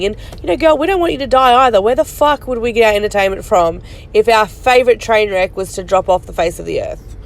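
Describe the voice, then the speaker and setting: A woman hosts a commentary podcast. She reacts to clips with snarky, mocking remarks and some swearing, and her pitch sits in the middle for a woman.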